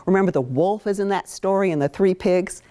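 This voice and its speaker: A woman's voice: mid-range voice, fairly quick, mellow. A woman from Maine, a children's author, giving an interactive lesson to young children and coaxing the class to join in. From Maine, USA.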